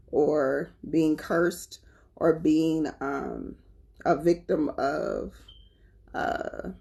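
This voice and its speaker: Southern lady from north carolina, laughing and chatting to her viewers, lowish voice. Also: creaky. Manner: animated, laughing, talks to her pets and viewers. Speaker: spiritual vlogger. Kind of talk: casual chat to viewers.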